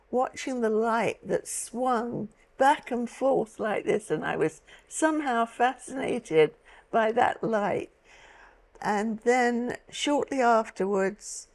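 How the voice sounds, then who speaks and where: A woman in her eighties from London, slowly recalling her childhood in a halting way, often restarting her sentences. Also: mid-range voice, creaky, a little mellow. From London, England. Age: 80s. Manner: slow, halting recollection with many restarts. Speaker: guest. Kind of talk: personal storytelling.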